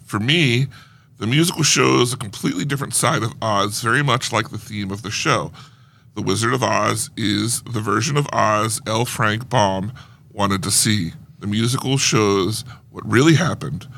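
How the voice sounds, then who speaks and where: A man's voice: lowish voice, normal speed, gravelly, a bit bright. A man co-hosting a film podcast, reading listener emails aloud in a casual way. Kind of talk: casual chat.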